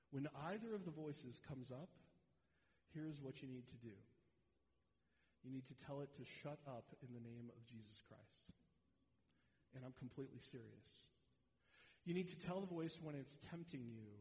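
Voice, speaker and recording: A man's voice: mid-range voice, darkish tone. Earnest male pastor preaching a sermon. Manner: earnest, direct, speaks to the congregation. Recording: long reverb of a large hall.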